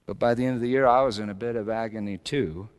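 A middle-aged male pastor preaching a sermon, swinging between loud emphatic lines and soft, low asides. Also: quick pace, clean tone.

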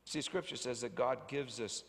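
A man preaching a sermon, a father telling stories about his children, animated, swinging from loud to hushed. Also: mid-range voice, moderate pace, vocal fry, big-room sound, a little hiss or hum. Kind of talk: sermon with acted anecdotes.

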